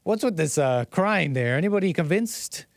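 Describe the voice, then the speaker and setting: A man on a live stream mocks and picks apart what he has just watched, in a rambling, incredulous way. His voice sits a little high for a man. It is recorded close and dry, with no room sound. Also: lively intonation, normal speed, gravelly, no room sound. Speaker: commentary streamer. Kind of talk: sarcastic live-stream commentary.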